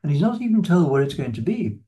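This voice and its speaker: A man giving an unscripted lecture on a Bible passage, in a measured, explanatory way that stresses key words. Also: a little high, very animated, warm tone. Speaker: lecturer on scripture.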